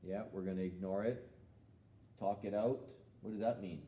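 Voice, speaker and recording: Calm, patient male martial arts instructor. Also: low voice, moderate pace, reverberant, lo-fi sound. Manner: calm, patient, asks the child questions. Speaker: jiu-jitsu instructor. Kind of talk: live-streamed kids' lesson.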